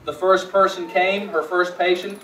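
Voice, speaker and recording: High-voiced male pastor preaching in an echoey church. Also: steady tone, moderate pace, a little hiss or hum. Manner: swings from hushed storytelling to rising emphatic appeals; repeats words when restarting phrases. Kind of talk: sermon. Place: church sanctuary. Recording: echoey church room, mic at a distance.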